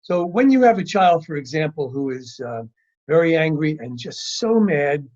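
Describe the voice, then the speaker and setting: A man presenting a training talk on children's behavior, his voice sitting a little higher than most men's. He talks in a lively, engaged way and shifts his tone as he explains each point. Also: moderate pace, muffled recording. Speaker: parenting and teaching workshop speaker.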